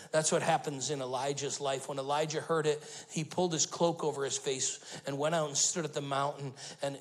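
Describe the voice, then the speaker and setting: A man, the lead pastor, preaching a sermon, telling stories and building to loud emphatic bursts. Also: fairly high pitch, low-quality recording.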